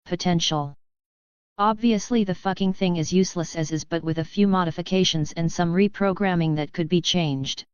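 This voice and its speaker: A woman's voice: on the low side, normal speed, smooth, no room sound, highs cut off, lightly acted. A woman voicing a brash, cocky young male vault hunter who swears casually.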